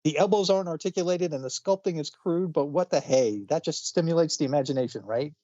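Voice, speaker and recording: A man voicing a ruthless, greedy female CEO villain from a comic, delivering her lines as a brisk, boastful sales pitch. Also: dark tone, dry recording, dull audio, lightly acted. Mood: scheming.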